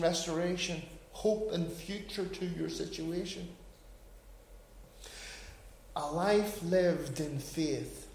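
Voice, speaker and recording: A pastor in his forties delivers a sermon in a high voice. He drops to a hush and then builds to loud, emphatic peaks. The recording is roomy, with a noticeable echo. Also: a little hiss or hum. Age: 40s. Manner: dynamic preaching, swings from hushed to loud and emphatic.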